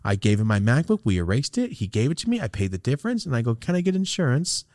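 A man's voice: mid-range voice, fast, dry recording, clean studio sound. Profane, rambling man telling a story. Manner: profane, rambling, animated retelling with acted-out quotes. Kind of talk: casual storytelling.

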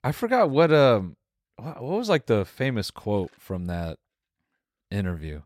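A young man co-hosting a podcast, relaxed in casual chat, mostly chiming in with short reactions. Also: fairly low pitch, a little slow, no room sound, studio quality. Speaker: podcast co-host.

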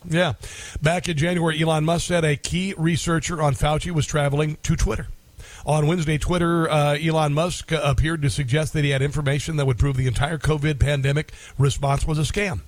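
Indignant talk radio host, dry and close. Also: male voice, fairly high pitch, level tone, brisk, no echo. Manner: repeats phrases for emphasis; combative, indignant delivery. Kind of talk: opinionated talk radio monologue.

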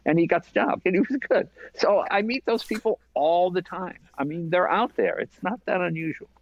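A man's voice: sits high, normal speed, no echo, muffled recording. A man, a comedian and former late-night talk show host, telling casual stories as a guest and acting out both sides of each exchange. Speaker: podcast guest. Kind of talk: casual storytelling.

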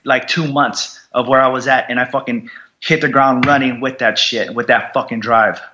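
Brief: male guest, cursing and emphatic, forceful bright tone, dull lo-fi audio. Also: mid-range voice, steady tone, normal speed, a little hiss or hum. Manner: raw, profane, emphatic. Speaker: podcast guest, combat veteran. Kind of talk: candid interview storytelling.

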